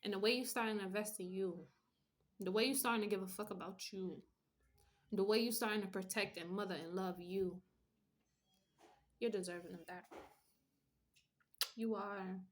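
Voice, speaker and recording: A woman's voice: mid-range voice, fairly even intonation, moderate pace, long pauses. A woman giving a casual tarot reading with a blunt, profane pep-talk manner. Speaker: tarot reader.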